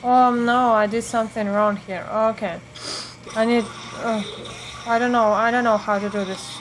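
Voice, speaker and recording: A woman's voice: a little high, steady tone, moderate pace, background noise. A woman giving let's play commentary, talking to herself in a jumpy way and swearing at the game. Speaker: gameplay streamer.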